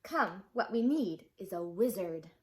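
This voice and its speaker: A woman voicing a young boy in a fairy tale, read aloud with excitement. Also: mid-range voice, unhurried, close to an everyday voice. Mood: eager. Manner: excited storybook reading.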